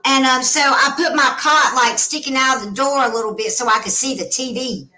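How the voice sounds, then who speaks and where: A woman's voice: high voice, a little fast, sharp tone, poor audio. A woman telling a personal story in casual chat, blunt, swearing freely and emotional.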